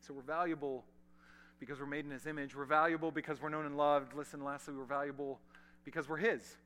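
A male pastor preaching a sermon to a large congregation, swinging from loud emphasis to hushed, almost whispered lines, with casual asides to the room. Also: on the high side, quick pace, slight background noise. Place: large church hall.

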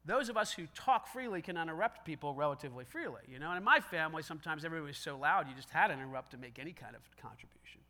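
A male pastor with a high voice delivers a conversational sermon, and his tone is very bright and sharp. He acts out snatches of dialogue as he preaches and pokes gentle fun at himself. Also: animated, very fast, hardly any pauses. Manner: self-deprecating humor.

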